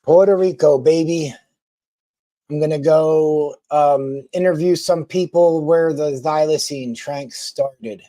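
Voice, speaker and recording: A man's voice: fairly high pitch, fairly even intonation, slow, hardly any pauses, dark tone, dry recording. A man chatting casually with viewers on a live stream, rambling with lots of ums and restarts.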